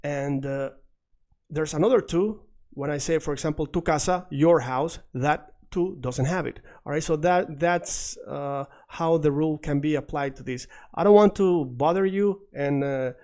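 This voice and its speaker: A man teaching a recorded language lesson, patiently repeating words slowly for emphasis. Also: fairly high pitch, warm tone. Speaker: Spanish teacher.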